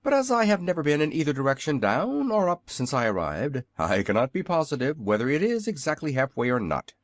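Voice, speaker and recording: A man's voice: a little high, huge pitch swings, a little fast, no room sound, clean studio sound, voice pushed up. A man doing a quaint, polite old inventor. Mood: courteous.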